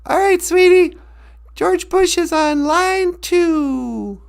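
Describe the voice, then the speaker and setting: A man voicing a chirpy female switchboard operator in a high, cheery falsetto. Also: slow pace, vocal fry, exaggerated voice.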